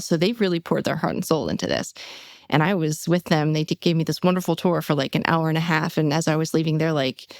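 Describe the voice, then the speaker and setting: A woman's voice: lowish voice, dry recording, studio quality. A woman real estate agent hosting a casual podcast, telling client stories and acting out quotes in a raised voice. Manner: animated storyteller, acts out quoted clients in a raised voice. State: getting emotional.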